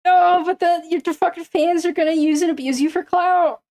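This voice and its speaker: High-voiced young woman gossiping. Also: fairly even intonation, fairly quick, mellow. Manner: swearing, laughing, gossipy storytelling. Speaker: streamer host. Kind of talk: casual chat.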